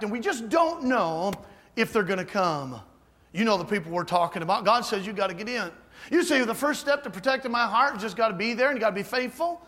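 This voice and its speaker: A man's voice: high-pitched, expressive, a little fast, fairly bright tone. A man preaching a folksy, emphatic sermon full of asides to the congregation. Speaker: guest preacher.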